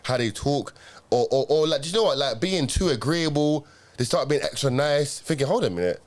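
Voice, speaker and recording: A man's voice: a little high, normal speed. Rambling man, casual slang. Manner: rambling storytelling, slang and filler tags like "yeah?". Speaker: podcast co-host. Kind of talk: casual chat.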